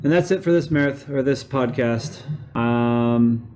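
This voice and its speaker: A man's voice: medium pitch, unhurried, a little mellow, soft background music. A young man hosting a podcast, chatting loosely and rambling about his streaming plans. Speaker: podcast host and game streamer. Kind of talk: casual podcast chat.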